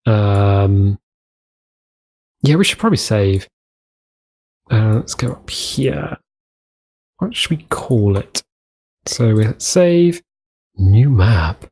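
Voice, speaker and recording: This young man's voice sits on the low side, dark in tone yet lively in intonation, and he speaks slowly with frequent pauses. Hosting a casual game commentary, he chats to himself in a rambling way, repeating words as he works.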